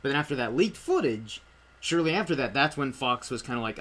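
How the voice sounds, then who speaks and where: A man's voice: mid-range voice, expressive, brisk, fairly bright tone. Rambling Irish-born man hosting a review. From Ireland. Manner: rambling, filler-heavy storytelling. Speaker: host of a movie review. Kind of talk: casual chat.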